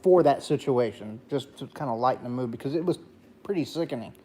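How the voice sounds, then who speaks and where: A man's voice: animated, fairly quick, dark tone, slight background noise. A man, a gaming streamer, telling a long personal story in casual late-night talk, rambling and profane, with a dry throat. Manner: profane, rambling, jumps to high voice when quoting.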